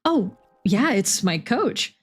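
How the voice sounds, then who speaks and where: A woman's voice: medium pitch, sing-song, takes it slowly, faint music behind. A tired, sarcastic young woman athlete read by a woman streamer, sighing and cursing her way through a hard day. Her voice sits in an ordinary middle range. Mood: wry. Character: weary young woman football player, wry.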